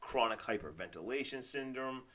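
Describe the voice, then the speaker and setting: A man hosts his own podcast, delivering a casual motivational monologue in a bright, forceful, medium-pitched voice at normal speed. Expressive and enthusiastic, he rambles and fills his talk with "like" and "literally."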